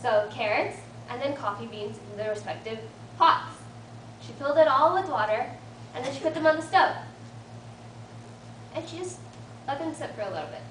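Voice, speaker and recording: A woman's voice: high voice, expressive, moderate pace, long pauses. A young woman in her late teens giving an earnest motivational talk to a support group, telling a story with a light touch of humor about herself. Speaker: invited student speaker. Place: meeting room of a support group. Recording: roomy, distant mic with faint room noise.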